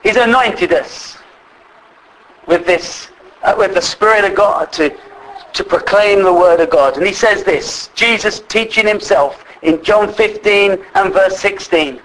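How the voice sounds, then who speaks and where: Male preacher, fairly high voice, earnest sermon delivery that slows for emphasis. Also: a bit bright, slight background noise, low-quality recording. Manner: earnest, slows down to stress scripture.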